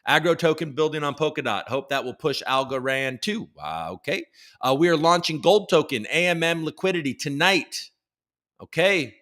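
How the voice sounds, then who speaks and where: His voice sits on the high side, a bit bright, with lively intonation and normal speed. Tired and in his thirties, the man hosts a casual live podcast stream, rambling loosely and reading chat messages aloud.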